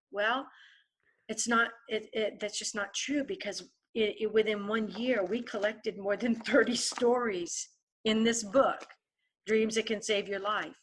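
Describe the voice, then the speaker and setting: A woman's voice: medium pitch, a little hiss or hum. A woman guest author telling a vivid story in a podcast interview, often turning to the host by name.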